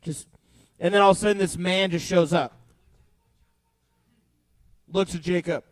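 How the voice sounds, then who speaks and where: Young male youth pastor, very high-pitched, dry close sound, playful and animated, alternating loud bursts with hushed storytelling. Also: unhurried, no room sound, rough recording. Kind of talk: lively youth-group Bible talk.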